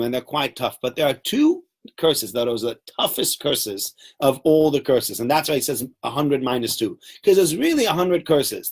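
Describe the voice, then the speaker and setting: A man's voice: mid-range voice, slightly rough. A man giving a Torah lesson to a class, telling stories with animation and acting out quotes. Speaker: Torah teacher.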